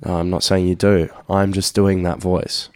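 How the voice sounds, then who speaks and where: Laid-back low-voiced male radio host. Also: little pitch movement, moderate pace, smooth, dry recording, clean studio sound. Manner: chatty, laid-back, slangy. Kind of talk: casual radio chat.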